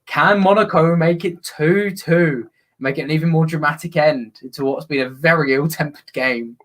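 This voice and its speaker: A man with a slightly high voice hosts a live football watch-along, chatting with viewers between plays. When the action heats up he breaks into excited, loud commentary. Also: moderate pace.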